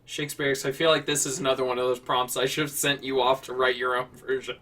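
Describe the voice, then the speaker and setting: A man's voice: mid-range voice, level tone, fast talker, bright, forceful tone, distant mic. A man hosting a casual prompt show, rambling and correcting himself as he talks, with frequent swearing. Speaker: host. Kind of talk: casual improv prompt chat.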